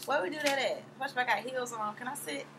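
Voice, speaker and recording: A young woman casually recapping a TV episode in a sassy, animated way, acting out quotes in high voices. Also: very fast, noisy background. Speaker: vlogger reviewing a TV episode.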